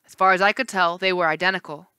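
A woman teacher reading a novel aloud in a steady storytelling voice with small slips. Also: lowish voice, quick pace, clear, resonant tone, no echo.

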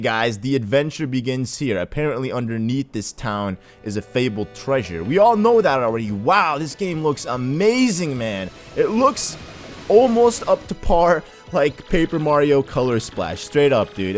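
Excitable young man doing game commentary. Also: medium pitch, unhurried, faint music behind. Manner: excitable, casual slangy. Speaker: let's play host. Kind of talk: gameplay commentary.

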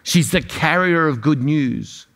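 A man's voice: on the high side, slow, a bit bright. A man preaching an earnest sermon, often repeating words as he builds a point.

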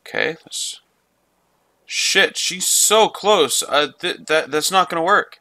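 Bright-voiced, foul-mouthed gamer guy. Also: a little high, animated, takes it slowly, no echo. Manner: swears often, talks to himself and the game. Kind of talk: let's play gameplay commentary.

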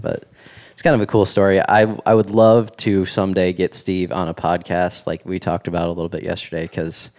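A man hosts a relaxed podcast conversation about how his guest got into his line of work. His voice sits on the low side. He asks easygoing questions and keeps the talk moving with short yeahs and mm-hmms. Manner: easygoing, with frequent short backchannels. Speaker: podcast host. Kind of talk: casual interview chat.

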